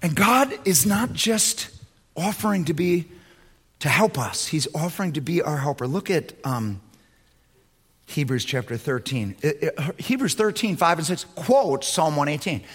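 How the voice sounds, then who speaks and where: A male pastor preaching in a husky, fairly high voice. He swings from loud, emphatic declarations down to low, quiet asides, and his pitch moves a lot as he drives each point home. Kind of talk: sermon.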